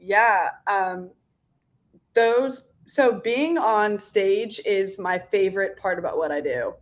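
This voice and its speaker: A woman singer talking as a guest in a casual interview, chatty and animated, with many "like" fillers. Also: medium pitch, slow pace.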